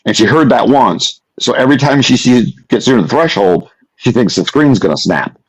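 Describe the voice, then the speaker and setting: A man chatting on a live online panel, friendly and warmly complimentary, telling a story. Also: mid-range voice, lively intonation, moderate pace, slightly rough, poor audio. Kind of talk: casual live panel chat.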